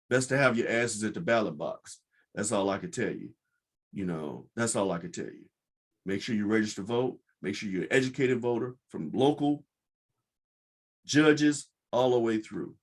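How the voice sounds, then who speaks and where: A man hosting his own show, giving an impassioned, blunt and profane commentary monologue. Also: mid-range voice. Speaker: podcast host.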